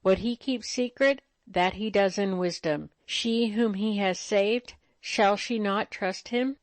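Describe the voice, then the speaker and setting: A woman reading a gentle, trembling young bride. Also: on the low side, measured pace, no room sound. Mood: trusting. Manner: pleading, earnest archaic speech.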